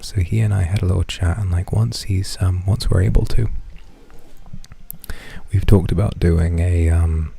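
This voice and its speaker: A man streaming in a casual chat, talking in a hushed half-whisper, rambling and swearing casually. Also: sits low, creaky, husky. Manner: profane, self-deprecating.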